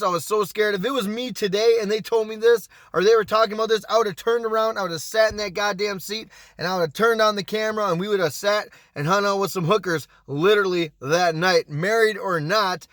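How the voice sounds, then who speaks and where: A man in his thirties telling a story in a casual, animated way, swearing freely and acting out what people said. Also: high voice, no echo, studio quality. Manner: animated, profane, acts out quotes. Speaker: storytime vlogger.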